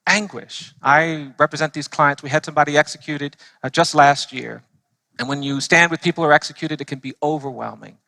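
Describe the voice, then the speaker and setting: Male lawyer giving a heartfelt church talk with earnest, slow emphasis and a bright, tense tone. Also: a little high, fairly even intonation, creaky, no echo. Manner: earnest storytelling, slowing for emphasis. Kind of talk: impassioned speech to a church audience.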